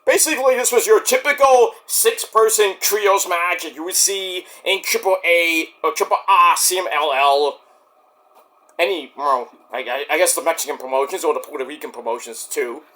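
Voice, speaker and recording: A man giving a casual solo wrestling review, excitable and swearing freely. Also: on the high side, normal speed.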